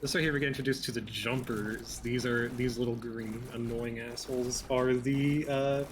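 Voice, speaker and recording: A man's voice: mid-range voice, fairly even intonation, moderate pace, slight background noise. A man giving casual commentary on a speedrun, explaining mechanics with dry jokes and frequent stumbles over his words.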